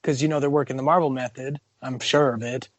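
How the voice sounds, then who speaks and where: A man's voice: mid-range voice, fairly even intonation, quick pace, no echo. A man co-hosting a casual comic-book podcast, rambling and joking with many restarts. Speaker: podcast co-host.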